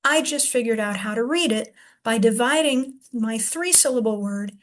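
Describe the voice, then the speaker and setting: A woman's voice: fairly high pitch, moderate pace. A woman reading teacher thinking aloud as she shows how to split a long word into syllables and sound out each one. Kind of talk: demonstration lesson.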